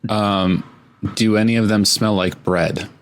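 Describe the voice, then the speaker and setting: A man's voice: fairly low pitch, fairly even intonation, measured pace, a little hiss or hum. A man playing a tabletop game, talking in a chatty, hesitant way and stepping into his character. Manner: hesitant, chatty, with many restarts. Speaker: player.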